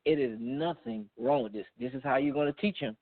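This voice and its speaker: Brief: earnest male guest, mid-pitched, sermon-like conviction, dry tinny phone audio. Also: a little fast, no room sound. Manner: earnest, preachy, faith-driven. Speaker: married guest. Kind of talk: casual chat.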